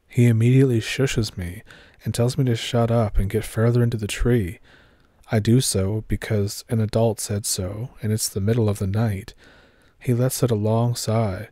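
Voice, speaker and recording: A man narrating a horror story in a steady, measured way. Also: on the low side, no room sound, clean studio sound.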